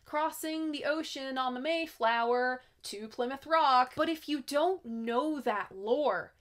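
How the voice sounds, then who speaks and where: Woman, high voice, casual album review host, chatty, expressive asides. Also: slow pace.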